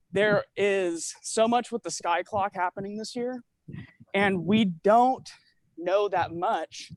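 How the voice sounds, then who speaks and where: A man with a slightly higher voice rambles through a long call, piling up fillers and half-finished restarts. He sounds a little out of breath as he walks. The sound is dry and close, with no room around it. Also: no echo. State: out of breath from walking. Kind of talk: casual conspiracy chat.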